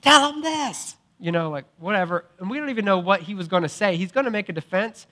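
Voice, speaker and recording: A young adult pastor preaches in a loose, conversational way. His fairly high voice rises and falls a lot as he retells the story. He keeps it informal and lively, acting out the people in it. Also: fast. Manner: casual, animated storytelling with acted quotes. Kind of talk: sermon.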